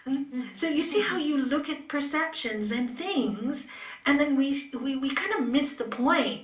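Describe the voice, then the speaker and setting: A woman's voice: high voice, animated, measured pace, a bit bright. A woman yoga teacher giving a spiritual talk to a class, telling stories, laughing often and dropping to whispers. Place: yoga studio. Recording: roomy studio from far off.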